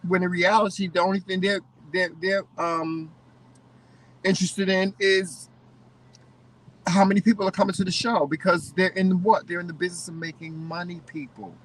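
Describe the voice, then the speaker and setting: A man co-hosting a casual chat, giving opinions in an animated way and often restarting his sentences. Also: sits high, normal speed, recorded from a distance, rough recording. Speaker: co-host.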